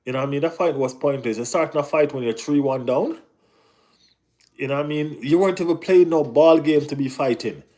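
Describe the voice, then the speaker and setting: A man hosting a casual live football chat, talking in an animated way with lots of slang and repeated phrases. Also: fairly high pitch, brisk. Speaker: football channel host.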